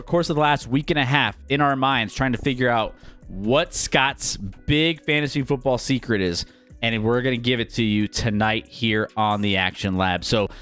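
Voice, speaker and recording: A man hosting a casual sports talk show, energetic and rambling as he previews the season. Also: mid-range voice, clear, resonant tone. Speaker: sports podcast host.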